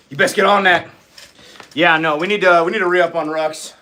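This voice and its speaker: A man's voice: high-pitched, steady tone, normal speed, sharp tone. A man hosting a casual livestream chat, ranting with lots of swearing and laughing often. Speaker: livestream host.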